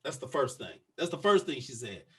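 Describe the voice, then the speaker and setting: A man co-hosting a podcast, telling a story in casual chat, profane and animated as he acts out the other people's lines. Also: mid-range voice, a little fast, husky. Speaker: podcast co-host.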